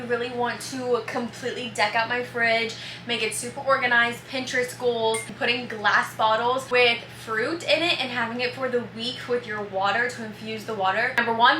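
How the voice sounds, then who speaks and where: A young woman vlogging casually, gushing and excitable as she unboxes packages indoors. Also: on the high side. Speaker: lifestyle vlogger. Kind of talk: casual vlog chat, unboxing. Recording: echoey room, noisy background.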